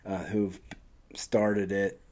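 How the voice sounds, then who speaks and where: A man's voice: lowish voice, flat delivery, drawn-out words, darkish tone. A man in his forties hosting a podcast, friendly and affirming, with frequent ums. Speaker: podcast host. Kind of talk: casual interview chat.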